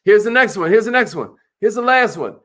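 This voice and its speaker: A man gives a fired-up motivational talk, hammering home each question over and over. His voice sits high and rings bright and forceful. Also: animated, fairly quick. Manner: emphatic, repetitive, hyped, calls listeners millionaires. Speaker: motivational speaker.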